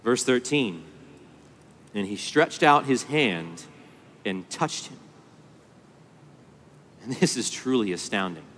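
A man preaching a sermon at a conference, impassioned, moving between hushed low passages and rising pleas. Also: animated, slow pace, pauses often, slight background noise. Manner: impassioned, swings from hushed to pleading. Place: large conference hall. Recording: long hall reverb.

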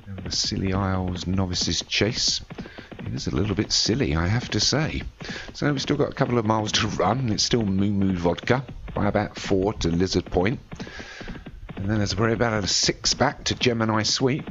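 A man's voice: on the low side, normal speed. A man commentating a horse race in a racing game, calling the runners and positions. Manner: rises sharply to excited shouting at the finish. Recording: slightly dull lo-fi audio with faint noise.

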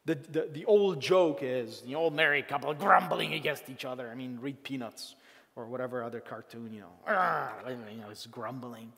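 A male pastor preaching a conversational, animated sermon, often acting out the voices of grumbling people. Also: mid-range voice, normal speed, gravelly. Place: church sanctuary. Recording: long hall reverb.

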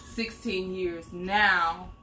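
A middle-aged woman co-hosts a live home cooking stream, reading out viewer comments with casual chat and teasing. Her lowish voice is fairly even, with drawn-out words, recorded in an echoey room with background noise.

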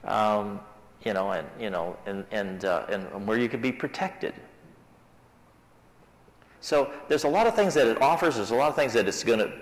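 A man leading a Sabbath School Bible class in casual, conversational talk with his group. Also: medium pitch. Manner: conversational, talks things through with the class. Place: church classroom. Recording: reverberant church hall.

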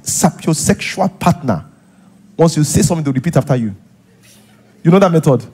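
A man's voice: on the high side, animated, moderate pace, pauses often, mellow, husky. A man with a Nigerian accent, a pastor preaching a sermon in a church, acting out little scenes and repeating points for emphasis. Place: church hall.

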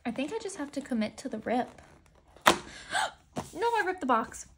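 Female unboxing vlogger, slightly high pitch, talkative and self-mocking, faint noise behind. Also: very animated, normal speed, a bit bright. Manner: chatty, self-deprecating, giggly asides. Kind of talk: casual unboxing chat.

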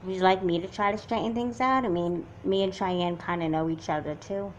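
A woman's voice: fairly low pitch, a little fast, lo-fi sound, a little hiss or hum, natural voice. A woman voicing a confident, self-assured teenage twin sister who takes charge in an amateur doll movie. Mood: determined. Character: confident, bossy teen twin sister with a plan.

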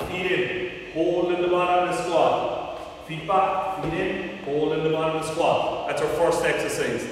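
A man coaching a live workout, with energetic, repeated encouragement and countdowns. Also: a little high. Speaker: fitness coach. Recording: echoey hall from far off, faint noise.

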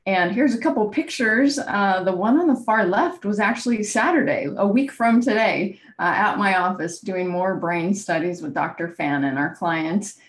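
A woman's voice: medium pitch, moderate pace, hardly any pauses. A woman giving a keynote presentation over a video call, confident and enthusiastic. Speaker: keynote speaker.

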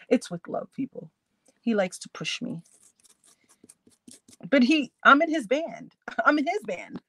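A woman's voice: sits high, sing-song, measured pace, long pauses, pushed and bright, no room sound. Bubbly woman chatting to her viewers. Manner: bubbly, laughs often, talks to viewers. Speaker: crafting channel host. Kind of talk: casual live-stream chat.

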